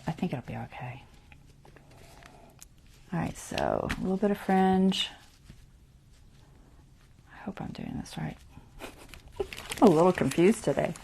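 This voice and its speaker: Gravelly-voiced woman thinking aloud. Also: fairly low pitch, a little mellow, slight background noise. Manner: chatty, thinks aloud, self-deprecating; mutters half-whispered asides while working. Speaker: craft tutorial host. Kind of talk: casual livestream craft tutorial.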